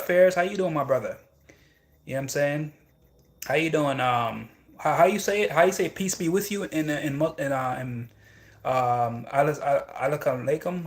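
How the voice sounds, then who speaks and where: Rambling livestreamer man, casual talk. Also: mid-range voice. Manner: rambling, repeats phrases, frequent "you know what I'm saying". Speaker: livestream host reading chat.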